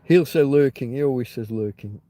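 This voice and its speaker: A man's voice: mid-range voice, normal speed, warm tone, no room sound. Rambling, swearing man live-chatting. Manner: rambling, profane, wry storytelling. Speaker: livestream host. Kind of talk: casual livestream chat. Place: outdoors on private land.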